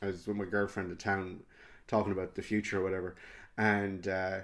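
Irish comedian guy, lowish voice, chill storyteller, swears a lot. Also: level tone, fairly quick, a bit bright. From Ireland. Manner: anecdotal, easygoing, swears freely. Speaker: podcast guest, comedian. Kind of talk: casual storytelling chat.

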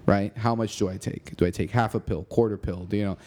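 A man's voice: fairly low pitch, fairly even intonation, fairly quick, darkish tone. A man chatting casually as host, easygoing, swearing now and then and often saying "you know.". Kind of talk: casual chat.

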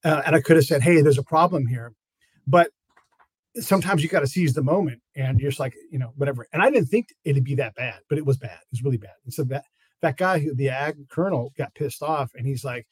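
A man's voice: medium pitch, brisk, breathy edge, dry recording. A man, a guest on an interview show, casually telling stories of his work in Afghanistan and acting out what people said. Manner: animated storyteller acting out quotes. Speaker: guest, former intelligence officer in Afghanistan.

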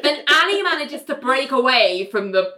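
A woman's voice: high voice, sing-song, moderate pace, sharp tone, reverberant. A woman co-hosting a podcast, casually recapping a TV episode and acting out the characters' lines. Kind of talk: casual chat.

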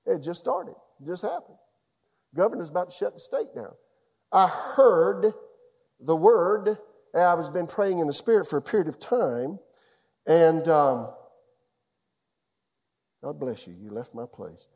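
A man preaching as a church pastor, telling a personal story in an animated way and often dropping suddenly to a quiet voice. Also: a little high, measured pace, vocal fry, long pauses, slightly rough, in a large hall. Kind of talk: sermon.

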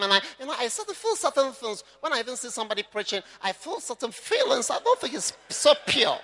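In a large hall, a pastor preaches with a very high, bright voice whose pitch swings dramatically as he hammers his points home. He talks fast with few pauses, impassioned and often shouting, sometimes mimicking his listeners.

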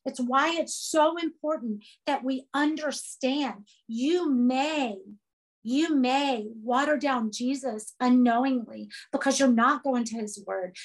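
A woman preaching a sermon to a women's group, emphatic and repetitive. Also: sits high.

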